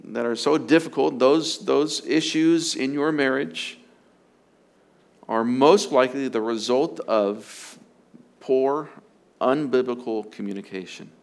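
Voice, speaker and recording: A man's voice: mid-range voice, slow pace, creaky. A man preaching as a pastor, earnest and emphatic, often repeating his phrases for stress. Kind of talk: sermon on marriage.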